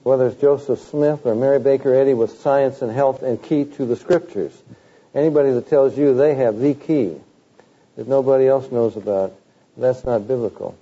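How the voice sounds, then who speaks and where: A man preaching a sermon, animated, with rising emphasis and mocking quotes of the teachers he criticizes. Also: mid-range voice, moderate pace, slightly rough, highs cut off.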